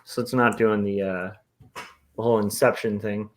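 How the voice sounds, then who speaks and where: A man's voice: on the low side, level tone, moderate pace. A man co-hosting an artists' podcast, upbeat and thinking aloud with fillers as he shows his work. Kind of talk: casual chat.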